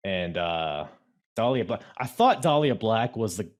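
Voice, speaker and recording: A man's voice: lowish voice, very animated, unhurried. A man co-hosting a podcast in casual chat, rambling and correcting himself as he goes. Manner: rambling, self-correcting, gestures while talking. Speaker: podcast co-host. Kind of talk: casual chat recapping wrestling.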